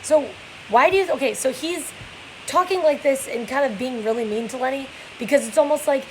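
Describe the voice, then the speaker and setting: A woman's voice: high-pitched, a little fast, slight background noise, low-quality recording. A young woman reading a novel aloud and explaining it casually, with many fillers.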